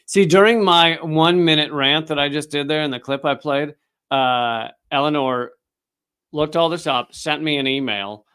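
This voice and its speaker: A man's voice: fairly high pitch, moderate pace, fairly bright tone, clean tone. A man hosting a live political commentary show, talking in a sarcastic, ranting way. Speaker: show host.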